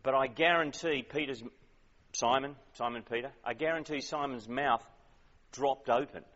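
Preacher in an echoing hall. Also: male voice, mid-range voice, moderate pace, a bit bright, muffled recording. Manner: conversational, questioning, emphatic. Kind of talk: sermon.

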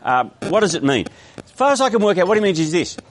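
A man's voice: high voice, sing-song, quick pace. A man with an Australian accent preaching a sermon, explaining a text in a conversational way with frequent restarts.

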